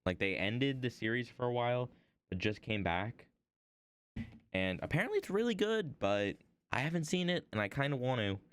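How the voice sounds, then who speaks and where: A man's voice: mid-range voice, expressive, moderate pace, fairly bright tone, clean tone. A young man streaming while he works on an art piece, rambling casually and playfully as if half talking to himself. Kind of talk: casual chat while working.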